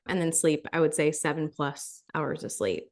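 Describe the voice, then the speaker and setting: A woman's voice: sits low, normal speed. A woman co-hosting a podcast in casual chat, explaining health advice in a friendly, practical way.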